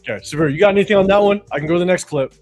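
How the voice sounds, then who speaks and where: A man's voice: high-pitched, racing, no room sound, faint music behind. Laid-back man hosting a fan livestream. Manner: relaxed, guides the clips, asks for subs. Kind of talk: casual livestream chat.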